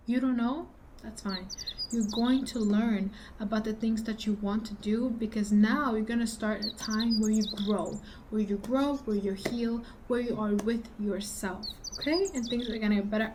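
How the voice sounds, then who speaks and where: A woman vlogger giving earnest advice straight to her viewers, pleading and repeating herself, at times rising to loud urgency. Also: fairly high pitch, moderate pace, a little hiss or hum. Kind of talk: direct-to-camera advice talk.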